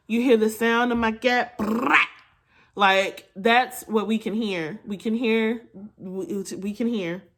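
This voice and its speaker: Young woman beauty vlogger, slow chatty storytime, lots of asides to viewers, phone mic. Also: a little high, a bit bright. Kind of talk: chatty storytime while doing makeup. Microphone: phone camera.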